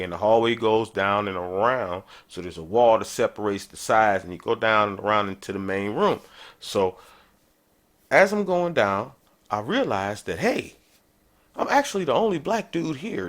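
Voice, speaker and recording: Man, podcast host, casual storyteller, lively swooping pitch, conversational. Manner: animated, conversational, jumps in pitch for emphasis.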